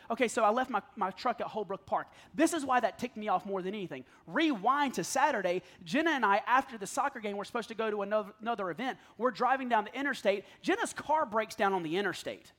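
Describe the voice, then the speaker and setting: A man in his thirties with a notably high, light voice, preaching like he is chatting with friends. He tells stories on himself and laughs easily as he talks. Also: fairly bright tone. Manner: storytelling, self-deprecating, laughs often. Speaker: pastor. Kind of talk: conversational sermon.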